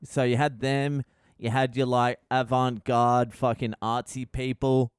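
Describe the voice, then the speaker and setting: A man's voice: medium pitch, little pitch movement, unhurried, clean tone, no room sound, clean studio sound. A middle-aged man telling a comic story on his podcast, sweary, exasperated and mocking. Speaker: comedian podcast host. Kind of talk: casual comedic storytelling monologue.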